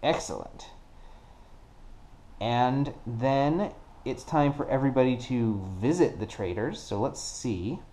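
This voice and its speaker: A man casually narrating a solo card game play-through, working things out deliberately and counting dice aloud. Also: mid-range voice, animated, warm tone. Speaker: board game player.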